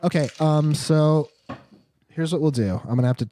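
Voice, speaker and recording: A man's voice: on the high side, moderate pace, mellow, no room sound. A young man narrating as game master in a tabletop game, laughing through his descriptions with lots of fillers.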